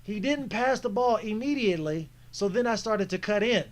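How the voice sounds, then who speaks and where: A man's voice: sits high, expressive, normal speed, background noise. A man giving an exasperated, emphatic commentary on footage of his own basketball game, repeating himself often. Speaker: amateur basketball player reviewing his game. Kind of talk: video breakdown commentary.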